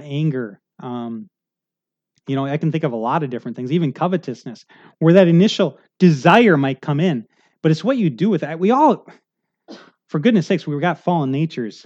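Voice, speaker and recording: A man's voice: a little high, brisk, darkish tone, muffled recording. A middle-aged male pastor preaching a sermon in a conversational, earnest way, often checking in with the congregation.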